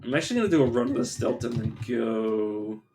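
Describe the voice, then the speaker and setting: A man's voice: mid-range voice, fast, darkish tone. A man streaming a video game live, chatting casually in a rambling, profane, self-interrupting way.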